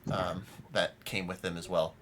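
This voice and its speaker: A man's voice: low-pitched, flat delivery, normal speed, noisy background, voice pushed down, close to an everyday voice. A man doing a stammering old gnome. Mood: hesitant. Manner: stammering, hesitant, apologetic. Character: old polite male gnome prisoner.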